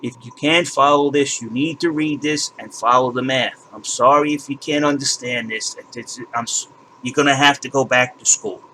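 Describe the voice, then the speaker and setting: A man's voice: medium pitch, moderate pace, bright, forceful tone, a little hiss or hum, rough recording. A man hosting a channel, ranting with indignation and exasperation, swearing and repeating words as he walks viewers through his screen. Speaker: crypto channel host.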